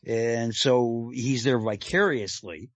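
A man's voice: medium pitch, slow pace, no room sound, dull audio. A man co-hosting a casual online talk radio show, loose and joking with lots of fillers. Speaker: co-host. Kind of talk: casual podcast chat.

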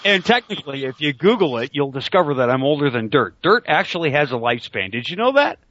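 A man's voice: fairly high pitch, very animated, quick pace, a bit bright, no room sound. A middle-aged man hosting an online talk radio show, rambling and joking crudely over a call mic. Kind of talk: casual talk radio banter. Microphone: computer call mic. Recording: dull lo-fi online call audio.

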